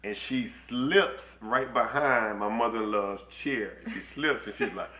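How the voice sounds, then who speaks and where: A man co-hosting a casual podcast, chatting with his wife. His voice is bright and forward, and he turns stories into lively little scenes by acting out the people in them. The recording sounds echoey and a bit dull, like a lo-fi home room. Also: fairly low pitch, unhurried. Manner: animated storyteller, acts out others' voices. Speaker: podcast co-host. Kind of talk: casual chat.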